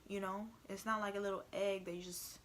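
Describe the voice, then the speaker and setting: A woman's voice: mid-range voice, little pitch movement, fairly quick. Give me a young woman chatting through a personal story, lots of "like", faint background noise. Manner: chatty, heavy use of "like", acts out quotes. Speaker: vlogger. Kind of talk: casual storytelling vlog.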